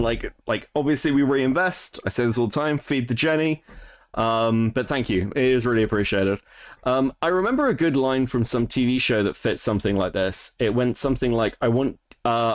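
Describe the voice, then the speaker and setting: A man hosting a stream, giving crude, sarcastic commentary on a clip and laughing often. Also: medium pitch. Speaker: streamer host reacting to a clip. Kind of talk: casual profane stream commentary.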